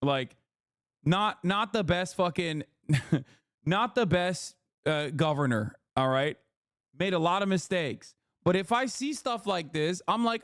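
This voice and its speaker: A man's voice: sits high, animated, slow, fairly bright tone, no room sound, clean studio sound. A man streaming live, reacting to a video with profane, outraged, sarcastic commentary. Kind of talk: casual livestream commentary. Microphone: close streaming mic.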